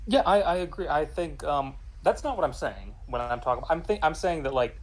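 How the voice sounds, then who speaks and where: A man's voice: a little high, expressive, fairly quick, poor audio. A man chatting casually while playing a game, rambling with many fillers and restarts. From United States. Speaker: co-player in a game stream. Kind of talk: casual chat while gaming.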